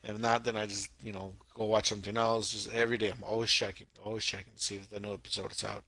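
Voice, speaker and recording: An excitable young man chatting on an anime podcast, stumbling over his words in his eagerness. His voice is bright and forward, recorded close and dry with no room sound. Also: fairly low pitch, quick pace, no room sound. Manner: excitable, jokey, repeats words. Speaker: podcast co-host. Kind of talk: casual anime podcast chat.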